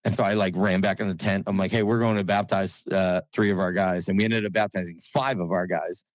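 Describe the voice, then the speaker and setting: Pastor guy chatting on a podcast, lowish voice, gets hyped, dry close mic. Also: fairly quick, no echo. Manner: excitable, says "dude" and "man" a lot. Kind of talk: casual podcast conversation.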